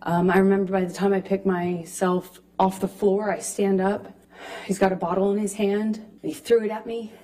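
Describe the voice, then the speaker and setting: A woman in her thirties giving testimony as a witness in a courtroom, speaking haltingly with frequent restarts into a witness stand microphone. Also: mid-range voice, flat delivery, mellow.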